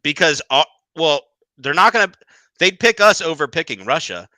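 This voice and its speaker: Bright-voiced man arguing insistently. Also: on the high side, sing-song, normal speed, no room sound. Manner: insistent, mocking, repeats points. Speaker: podcast co-host. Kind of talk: heated casual debate.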